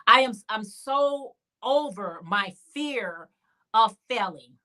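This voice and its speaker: Bright-voiced woman chatting on a livestream. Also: fairly high pitch, lively intonation, takes it slowly. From Chicago area. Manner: chatty, reads out and answers viewer comments. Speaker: livestream host. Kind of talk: casual crochet livestream chat.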